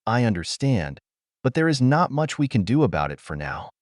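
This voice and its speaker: A man's voice: mid-range voice, big pitch swings, normal speed, dry recording, studio quality, lightly acted. A man voicing a sarcastic boy ninja. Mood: matter-of-fact.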